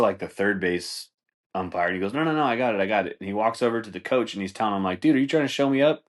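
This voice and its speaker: A man hosting a podcast, telling fight stories in a casual, profane, rambling way with frequent laughter. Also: fairly low pitch. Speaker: podcast host. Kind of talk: casual comedic commentary.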